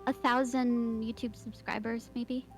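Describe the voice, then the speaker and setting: A woman's voice: on the high side, level tone, a little slow, over loud music. A woman guest on a stream, chatting casually in short, easygoing replies. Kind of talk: casual chat on a livestream.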